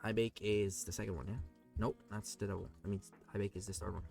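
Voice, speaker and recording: A man's voice: fairly low pitch, steady tone, quick pace, gravelly, over music. A man streaming a game live, mumbling asides and reading dialogue aloud. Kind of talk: live gameplay commentary.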